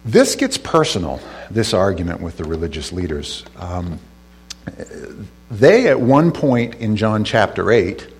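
A man's voice: on the low side, big pitch swings, a little slow, breathy edge. A male pastor giving a conversational sermon, retelling scripture casually with asides and restarts.

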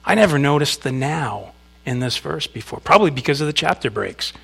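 A man's voice: fairly high pitch, lively intonation, brisk, vocal fry, fairly bright tone, husky. A man preaching a sermon, speaking conversationally to the congregation with asides and reading scripture with emphasis. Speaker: pastor.

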